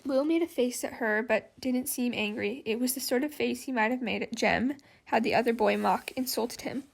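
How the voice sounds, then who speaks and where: A woman narrating an audiobook in a measured, quiet way. Her voice sits a little high, with a noticeable gravelly fry. She keeps an even reading pace. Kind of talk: scripted narration.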